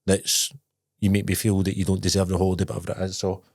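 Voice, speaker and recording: A man's voice: deep voice, completely flat delivery, fast talker, a little mellow, no echo, studio quality. A man with a Scottish accent co-hosting a podcast, telling sweary, laughing stories in casual chat. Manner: laddish, sweary storytelling with bursts of laughter. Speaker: podcast co-host.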